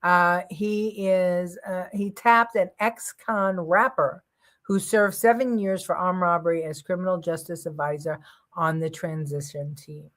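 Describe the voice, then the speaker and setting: A woman's voice: lowish voice, steady tone, measured pace. A woman hosting a live news talk show, giving blunt, heated opinion commentary with frequent ums and uhs.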